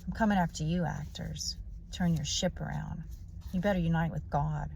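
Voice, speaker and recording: A woman with a low, gravelly voice rants in a monologue on her vlog. She is blunt and preachy and swears constantly. The rasp of vocal fry runs through her talk. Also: fairly even intonation, moderate pace, a little mellow, a little hiss or hum. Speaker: vlogger. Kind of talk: profane ranting monologue.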